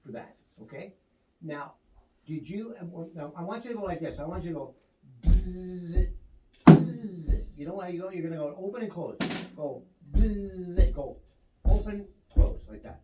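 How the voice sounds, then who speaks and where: A man teaching a one-on-one drum lesson, coaching his student and counting the beats out loud. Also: on the high side, fast talker, very noisy. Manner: coaching, counts beats aloud over the playing. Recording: roomy, distant mic, loud drums behind.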